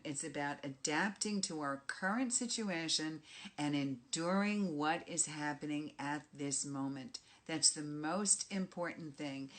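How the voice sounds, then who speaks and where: A middle-aged life coach from the Bronx, New York, speaks with a New York accent in a lowish, fairly bright voice. Her motivational monologue is emphatic and direct, punching key phrases.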